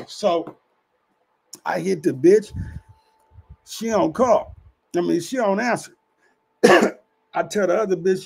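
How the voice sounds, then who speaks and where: A man's voice: high-pitched, measured pace, vocal fry, long pauses, a little mellow, husky. A man hosting his own channel, telling a long street story in a profane, streetwise way and often asking if you follow him. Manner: profane, streetwise, keeps asking "you know what I'm saying". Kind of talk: casual storytelling monologue.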